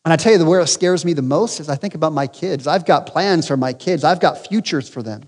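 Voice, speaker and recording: Man, pastor, sermon, high voice, long hall reverb, emphatic questions, joking asides. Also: brisk. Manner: emphatic, rising to loud peaks with rhetorical questions; humorous asides.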